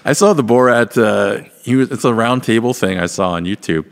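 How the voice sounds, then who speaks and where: A man's voice: medium pitch, moderate pace, gravelly. A man hosting a podcast, talking casually and at length, rambling and swearing as he explains things. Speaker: podcast host. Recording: long hall reverb.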